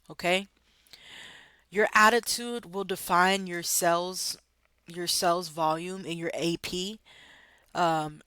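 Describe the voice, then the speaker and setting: A woman's voice: fairly low pitch, a bit bright, no room sound. A woman coaching new sales agents in an upbeat, coaxing way, often checking in with "okay?" and "right?". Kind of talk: motivational coaching talk to camera.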